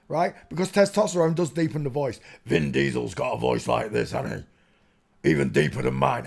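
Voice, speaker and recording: A man with a fairly high-pitched voice and a darkish tone hosts a livestream. He rants through a rambling monologue to chat, muttering to himself as he searches on screen.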